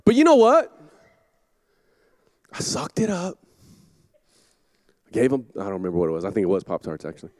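A middle-aged man, a campus pastor, preaching a sermon in a church, telling stories with shouted asides. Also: fairly low pitch, brisk, long pauses, no room sound. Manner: animated storytelling with shouted asides. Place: church auditorium.

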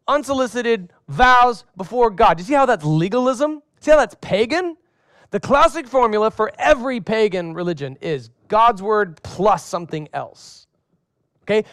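A man with a high voice preaches a lively sermon, slipping into acted-out voices for comic effect and calling on the congregation to respond. The sound is close and dry, with no room around it. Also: dry recording. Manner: asks the congregation questions and has them respond. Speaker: pastor.

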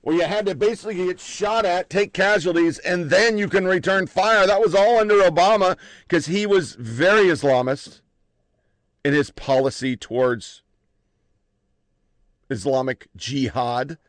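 A man telling army stories in a blunt, profane, animated way. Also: high-pitched, measured pace, dry recording. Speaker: army veteran recounting stories. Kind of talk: profane casual storytelling.

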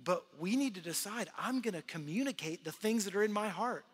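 A man in his thirties preaching a sermon to his church in a conversational, earnest way, swinging from loud to hushed. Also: sits high, expressive, fairly quick, breathy edge. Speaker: pastor. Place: large church hall. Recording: long hall reverb.

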